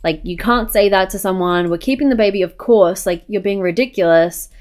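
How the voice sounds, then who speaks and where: A woman's voice: mid-range voice, brisk, a little mellow, lightly acted. A woman voicing a stern young man scolding his sister in a life-sim game playthrough. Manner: scolding, says "like" often.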